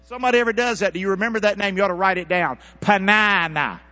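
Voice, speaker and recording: A pastor preaches in rapid-fire style inside a church sanctuary, prompting the congregation to answer him. His animated delivery climbs from soft asides to high, loud exhortation, captured on a dull lo-fi recording with a mains hum.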